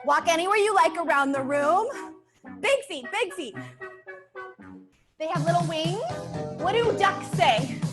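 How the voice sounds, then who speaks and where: A woman's voice: very high voice, lively intonation, takes it slowly, pauses often. A woman teaching a dance class for children, upbeat and coaxing, sometimes singing her cues. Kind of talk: online kids' dance class instruction. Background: backing music.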